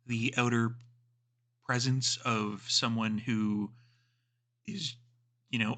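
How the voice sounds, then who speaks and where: A man's voice: mid-range voice, fairly bright tone. A man narrating a tabletop game as game master, describing scenes in a loose, rambling way.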